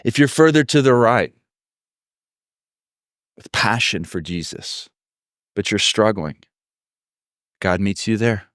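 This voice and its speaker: A man's voice: on the low side, expressive, slow, pauses often, a bit bright, no room sound, studio quality. A man preaching a sermon as pastor, telling stories and acting out the voices of people he quotes. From Texas. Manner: storytelling, acts out quoted voices.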